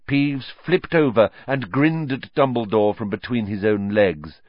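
A man narrating a storybook in an expressive, lively reading, on a dull lo-fi audiobook recording. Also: medium pitch, measured pace, few pauses, no echo.

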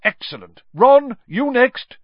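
A man's voice: on the high side, very animated, normal speed, no echo, dull audio, voice pushed up. A man voicing a cheerful male teacher who calls out his students with eager commands. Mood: excited.

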